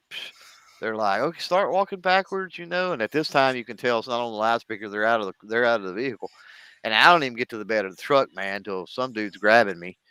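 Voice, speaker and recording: A man chats casually, swinging his pitch widely as he acts out the people in his stories. His voice is smooth and clear. The recording is dry and close. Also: no echo. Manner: animated storyteller acting out quoted voices. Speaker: show regular telling a story. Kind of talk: casual chat.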